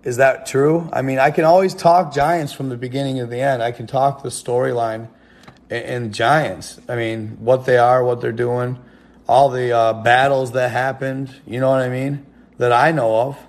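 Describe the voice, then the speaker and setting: A man's voice: mid-range voice, steady tone, moderate pace. A young man rambling casually to his viewers in a live stream, slangy and laughing often.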